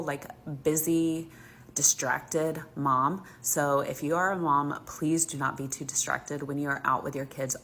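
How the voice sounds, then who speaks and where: Speaking in a low voice with a bit of brightness, a mother from Alabama tells a heated, emphatic story about her children, full of "like." It's casual storytime, with a little hiss or hum audible.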